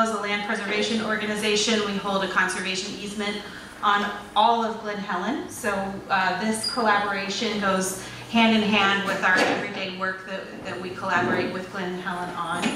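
A woman's voice: fairly high pitch, bright, forceful tone. A woman giving informal welcome remarks for a land trust at a live community event, friendly with many fillers. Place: community hall at a live poetry reading. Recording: echoey hall from far off, noisy.

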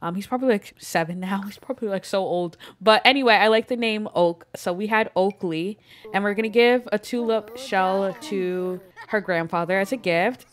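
A young woman giving chatty, casual commentary over a life-simulation game, with plenty of "like" and "um". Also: medium pitch. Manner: chatty, fills talk with "like" and "um". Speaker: gameplay commentator. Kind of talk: casual let's-play commentary.

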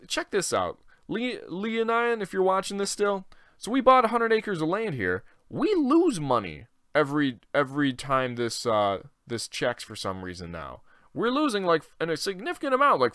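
A man's voice: sits high, wildly swooping pitch, normal speed, fairly bright tone, no room sound, studio quality. A young man giving casual let's-play commentary, rambling and thinking aloud with loose profanity. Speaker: gaming channel host.

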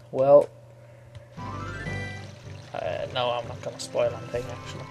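Man, let's play commentary, unhurried rambling delivery, mumbled crude asides, loud game music behind. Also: medium pitch, little pitch movement. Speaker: gamer. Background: video game music.

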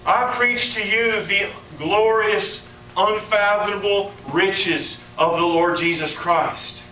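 Animated high-voiced man preaching in a hall. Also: takes it slowly. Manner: animated, acts out quoted voices, laughs. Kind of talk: conference sermon. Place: conference hall. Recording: echoey hall, distant mic, faint room noise.

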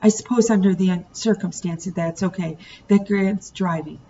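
A woman voicing a steady farm father, measured and quiet. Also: mid-range voice, lightly acted. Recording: distant muffled home recording, faint hiss.

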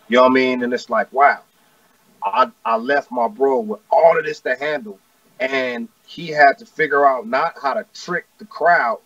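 A man's voice: a little high, vocal fry, a bit bright, dry recording. A man in his forties from Southern California, a rapper talking as a guest in a casual, laid-back, slangy way, often repeating "you know what I mean.". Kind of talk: casual interview chat. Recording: distant, dull, dry lo-fi audio.

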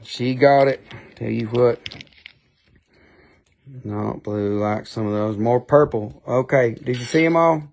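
Joking Appalachian rock seller with gravel. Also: male voice, medium pitch, slow, pauses often, a little mellow. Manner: joking, rambling, playful funny voices. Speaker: live-stream rock seller. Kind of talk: casual live sales chat.

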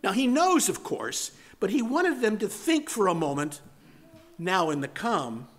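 A man preaching a sermon, moving between strong emphasis and hushed, near-whispered lines. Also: high-pitched, sing-song, unhurried. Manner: dramatic shifts from loud to hushed, near-whispered words. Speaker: pastor.

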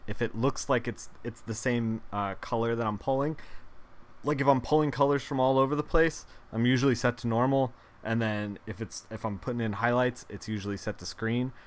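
A man's voice: mid-range voice, fairly even intonation, brisk. A man chatting casually while painting on a live stream, rambling with lots of fillers and laughing at his own jokes. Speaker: digital artist streaming a painting session.

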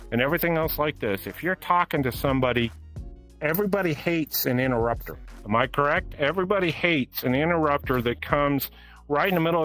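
A man's voice: fairly high pitch, a bit bright, rough recording. A man co-hosting an interview show, chatting casually in a rambling, folksy way with loose grammar. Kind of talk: casual chat.

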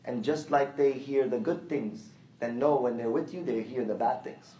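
A man's voice: mid-range voice, normal speed, mellow, highs cut off. A male preacher giving a conversational sermon, telling stories and repeating his phrases as he makes his point. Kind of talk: sermon with anecdotes. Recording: echoey hall, mic at a distance.

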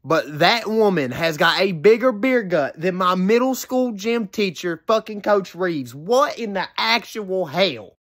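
A woman talks over video clips in casual commentary. She swears in disbelief and keeps laughing between remarks. Her pitch swings lively up and down. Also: a little slow, few pauses. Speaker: reaction video host.

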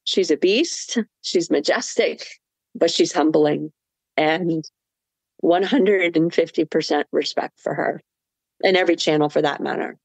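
A woman guest in an interview, telling a vivid story with laughter and animated asides. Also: sits low, unhurried, creaky, no echo. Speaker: marathon swimmer guest.

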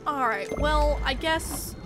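A woman's voice: sits high, takes it slowly. A woman streaming a game, chatting casually and reading its dialogue aloud. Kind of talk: casual gameplay commentary. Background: background game music.

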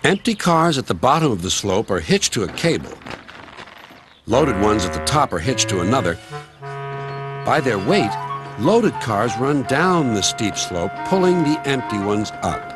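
A man's voice: medium pitch, over music. Man narrating a children's storybook. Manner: measured, gently expressive. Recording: constant noise behind.

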